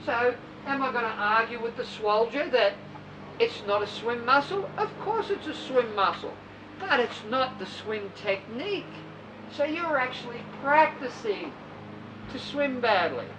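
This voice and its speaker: A woman's voice: a little high, animated, unhurried. A woman swim coach, giving a blunt talk to her squad, full of rhetorical questions. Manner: blunt, rhetorical questions, acts out swimmers' voices. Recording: distant mic with vehicle noise behind.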